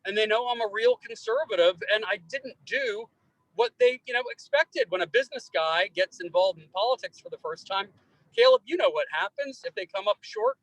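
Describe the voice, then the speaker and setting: A man running for office, answering an interviewer's closing question in a folksy, emphatic way with lively anecdotes. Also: sits high, fairly quick, dry recording, poor audio. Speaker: political candidate.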